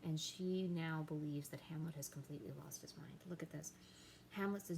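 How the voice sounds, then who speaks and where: A woman's voice: low voice, steady tone, moderate pace, creaky, a little mellow, a little hiss or hum. A woman teaching a literature lesson, paraphrasing in plain words and dropping to whispered asides.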